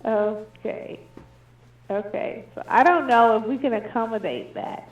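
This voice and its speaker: Woman, booking agent, polite, patient, higher voice, tinny phone line, echoey. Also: measured pace. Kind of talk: customer service phone call.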